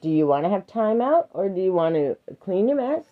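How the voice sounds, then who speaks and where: A woman's voice: mid-range voice, big pitch swings, brisk, phone-quality sound. A woman streaming live, reading affirmations and firmly but patiently parenting her child in between, laughing often.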